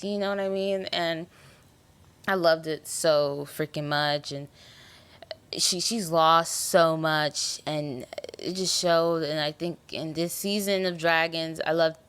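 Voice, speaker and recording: A tired young American woman hosting a podcast, chatting casually about a TV show in a rambling, animated way. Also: low-pitched, slow, clear, resonant tone. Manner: rambling, animated, trails off and restarts. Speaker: podcast host. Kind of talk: casual TV review chat.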